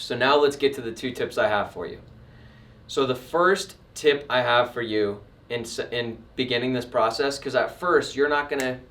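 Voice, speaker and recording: A man giving a casual sales lesson in a middle-pitched voice, emphatic and conversational. He sounds a little distant from the microphone. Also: roomy sound. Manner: conversational and emphatic, acts out customer types. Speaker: sales trainer and painting business owner. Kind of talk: casual instructional talk. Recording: voice a bit distant from the mic.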